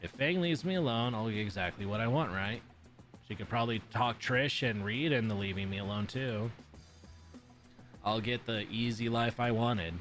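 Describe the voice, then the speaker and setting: A man's voice: medium pitch, normal speed, a bit bright, soft background music. A man streaming himself reading a visual novel aloud in a casual way, with swearing and offhand asides.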